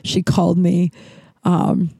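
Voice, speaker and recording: Woman in her 40s, mellow gravelly voice, casual profane storyteller, dry close sound. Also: lowish voice, monotone, takes it slowly, dry recording. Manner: candid, profane, rambling with restarts.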